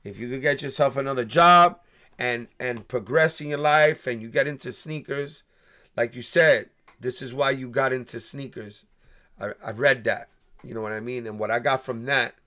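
A man hosting a casual sneaker livestream, heartfelt and restarting his words as he gives viewers shout-outs. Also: medium pitch, moderate pace. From New York.

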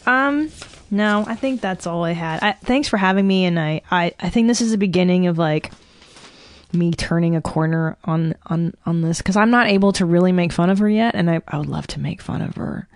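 A woman's voice: lowish voice, fairly quick, no room sound. A woman who is a podcast guest, talking candidly and with animation in casual conversation and laughing often.

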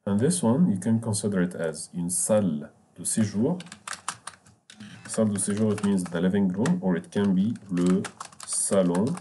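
A man whose first language is Arabic teaches a beginners' language class in English. His voice sits low and mellow. He is patient, repeats each word and spells it out letter by letter. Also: a little hiss or hum. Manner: patient, repetitive, spells out words slowly. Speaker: French teacher. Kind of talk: explaining a language lesson.

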